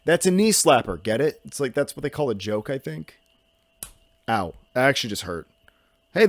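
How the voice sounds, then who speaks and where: A man's voice: mid-range voice, no echo. A young man hosting a solo podcast, rambling in a goofy, self-mocking way and jumping from topic to topic. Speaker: podcast host.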